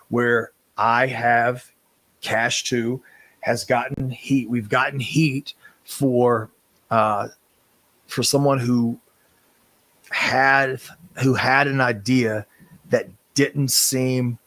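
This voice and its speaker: A man's voice: medium pitch, slow, a bit bright, dry recording. Impassioned man, dry close sound. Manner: impassioned, rambling with restarts and swearing. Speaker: professional wrestler, guest. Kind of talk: casual interview talk.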